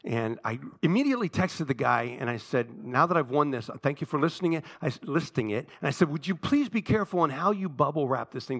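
A male pastor preaching a sermon, swinging from loud emphatic lines to low, hushed asides.

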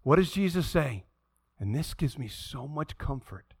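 A man preaching a sermon, reading scripture and then speaking to his listeners in a conversational way, moving between hushed moments and impassioned ones. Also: on the high side, lively intonation, measured pace, vocal fry, breathy edge, no echo. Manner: dynamic, swings from hushed to impassioned; conversational asides to the congregation. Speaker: pastor.

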